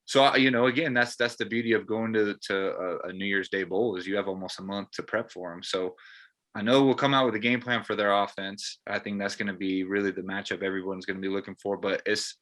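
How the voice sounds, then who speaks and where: Bright-voiced man, earnest rambling chat. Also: fairly low pitch, steady tone, a little fast. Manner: earnest, rambling with many fillers. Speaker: former player, co-host. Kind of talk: casual postgame chat.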